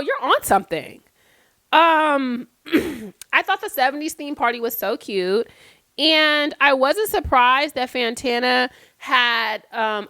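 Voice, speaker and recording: High-voiced woman with a blunt, chatty manner. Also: bright, forceful tone. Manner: chatty and blunt, swears freely, lots of fillers like "like". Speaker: host recapping reality TV. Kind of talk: casual recap vlog chat.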